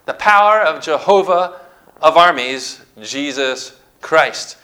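Bright-voiced preacher, emphatic and dramatic. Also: male voice, on the high side, lively intonation, low-quality recording. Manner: emphatic, dramatic storytelling with slow stressed phrases. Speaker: pastor. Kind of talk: sermon.

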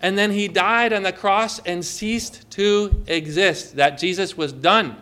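A man's voice: sits high, takes it slowly, sharp tone, clean tone. A man preaching a sermon as pastor, emphatic and often putting questions to the congregation.

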